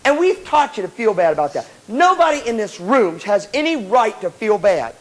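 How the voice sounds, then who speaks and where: A man giving a jokey motivational seminar talk to students, animated and calling listeners "man". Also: high-pitched, moderate pace, poor audio. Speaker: motivational speaker. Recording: old tape with loud crowd laughter and hiss.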